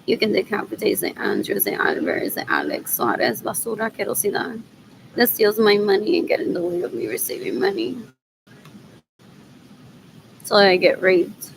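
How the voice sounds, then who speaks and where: Rambling woman with a creaky voice. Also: mid-range voice, noisy background. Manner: repetitive, drifting, mutters asides, drops Spanish words. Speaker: vlogger. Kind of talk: rambling monologue to camera.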